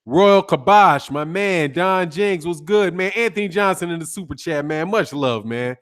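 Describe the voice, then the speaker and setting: A man's voice: high voice, moderate pace, smooth. Laid-back man greeting his live-stream chat. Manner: laid-back, says "man" constantly, shouting out names. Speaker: boxing YouTube host.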